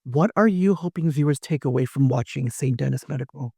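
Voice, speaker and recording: A man's voice: medium pitch, brisk, creaky, dark tone, breathy edge, dry recording, studio quality. A man hosting an entertainment interview, enthusiastic and effusive in his questions. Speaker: interviewer host. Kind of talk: casual interview.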